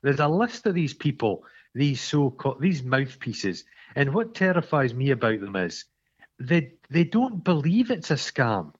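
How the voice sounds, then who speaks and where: A Scottish man co-hosting a podcast, telling stories in a sweary, animated way and acting out the quarrels in them. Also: mid-range voice, measured pace, breathy edge, highs cut off. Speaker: podcast co-host. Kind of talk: casual chat.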